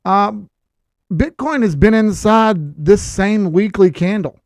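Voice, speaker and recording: A man's voice: high-pitched, takes it slowly, a little mellow, dry recording, studio quality. A man hosting casual crypto chart commentary who talks in a blunt, lecturing way with sarcastic asides. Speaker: crypto chart analyst host.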